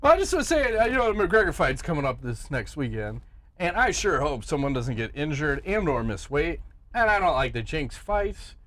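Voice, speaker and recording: Podcast host, man, slightly high voice, swears freely, animated and jokey. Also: normal speed. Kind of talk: casual chat.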